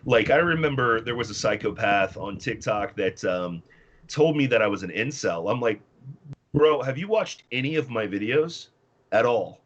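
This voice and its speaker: A man's voice: mid-range voice, animated, normal speed, muffled recording. A man from the US Midwest, a guest on a talk show, ranting bluntly and combatively about politics. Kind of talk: casual political chat.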